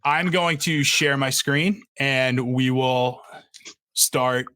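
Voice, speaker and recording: A man's voice: mid-range voice, extremely slow, pushed and bright, clear, resonant tone, no echo, studio quality. A man hosting a casual podcast chat over a video call, laughing often and restarting his sentences. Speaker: podcast host running the draft.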